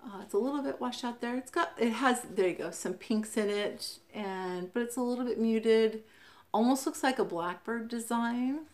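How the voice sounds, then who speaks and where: At a normal speed, this woman talks in a fairly high, slightly mellow voice. She's a Flosstube vlogger from the American West Coast doing a relaxed show-and-tell, frequently saying "um" and spelling names letter by letter.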